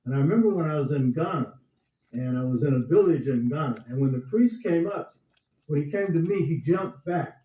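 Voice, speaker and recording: A man's voice: fairly high pitch, expressive, a little fast, echoey room, far from the mic, lo-fi sound. A man in a conversational interview, reflecting on spiritual meaning and sharing his own stories.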